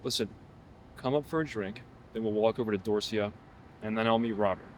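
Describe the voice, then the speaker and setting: A man playing a smooth, pushy yuppie. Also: lowish voice, a little fast, a little hiss or hum, close to an everyday voice. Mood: coaxing. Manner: smooth, insistent, coaxing. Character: polished, pushy young businessman turning violent. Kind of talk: fan film drama.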